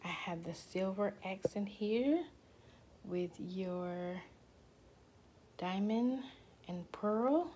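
A woman selling jewelry in a vlog, slowly naming each piece and now and then dropping to a whisper. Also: medium pitch, mellow, a little hiss or hum. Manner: slow, repetitive, drops to whispers at times. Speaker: jewelry seller. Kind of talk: product showcase vlog.

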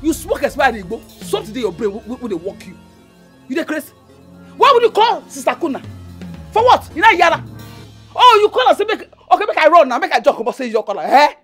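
An actress with a Nigerian accent playing a quarrelsome young woman who mocks and shouts in Pidgin. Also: sits high, very animated, quick pace, faint music behind. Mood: scornful. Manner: mocking, repeats herself, shouts in Pidgin. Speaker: actress in a film. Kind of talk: Nollywood film drama.

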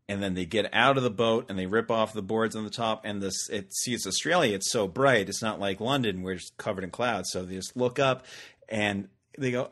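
A man's voice: on the low side, brisk, fairly bright tone. A man hosting a casual podcast, joking and rambling with frequent restarts. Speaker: podcast host.

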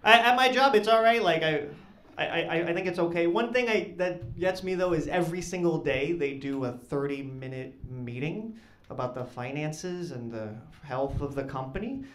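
Deadpan stand-up comic in an echoey club. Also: male voice, on the high side, normal speed. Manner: deadpan, awkward, builds to loud laughing punchlines. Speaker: stand-up comedian. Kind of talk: stand-up comedy set. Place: comedy club stage with live audience. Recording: echoey club with audience noise.

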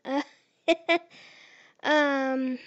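Casual woman vlogger, unsure and full of fillers, slow delivery, dull lo-fi sound. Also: sits high, steady tone. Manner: giggly and hesitant, lots of fillers. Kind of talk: casual chat to camera. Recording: dull lo-fi recording.

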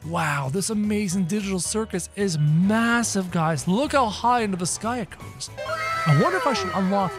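A man giving excited gameplay commentary to his viewers. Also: high voice, moderate pace, faint music behind. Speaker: gaming youtuber.

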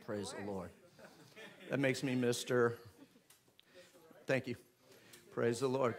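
A man, a pastor making church announcements in a chatty, joking way before rising into loud, fervent prayer. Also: medium pitch, a little slow, pauses often. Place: church sanctuary with live congregation.

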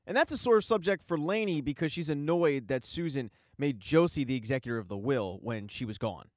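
A man's voice: medium pitch, lively intonation, fairly quick, dry recording, clean studio sound. A man casually recapping a TV season, retelling the plot with wry asides. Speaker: TV recap host.

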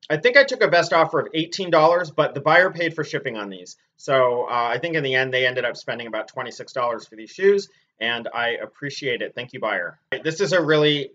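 A man casually reviewing clothes and shoes he has sold, in a chatty, relaxed way with many ums and uhs. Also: mid-range voice. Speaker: clothing reseller. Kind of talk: casual product review vlog. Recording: dull lo-fi sound.

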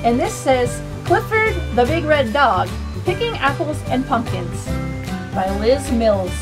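Woman, children's storytime reader, high-pitched, animated, questions for kids, faint background music. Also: a little slow. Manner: bright, animated, asks young listeners questions. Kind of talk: reading a picture book aloud to children.

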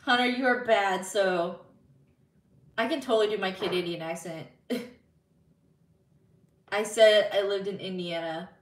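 A woman's voice: medium pitch, measured pace, pauses often, far from the mic. A woman live streamer in casual chat, bubbly and giggly as she reads viewer messages aloud. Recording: roomy sound, slightly off-mic.

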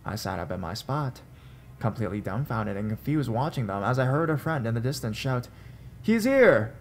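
A man narrating a first-person scary story in a measured, suspenseful way. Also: mid-range voice, a little hiss or hum.

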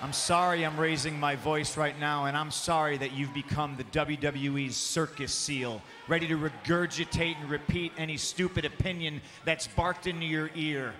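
A man, a pro wrestling champion, cutting a mocking arena promo and often shouting into a handheld microphone. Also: on the high side, fairly even intonation, moderate pace, few pauses. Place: large arena. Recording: long arena reverb with faint background noise.

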